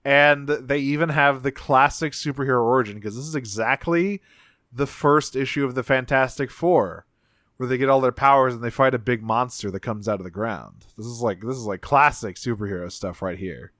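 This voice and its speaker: A man's voice: mid-range voice, moderate pace, fairly bright tone, no echo, studio quality. A man co-hosting a podcast, casually recapping a cartoon episode, swearing freely and acting out bits of dialogue with lots of fillers. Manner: laid-back, swears freely, many fillers, acts out lines. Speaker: podcast co-host.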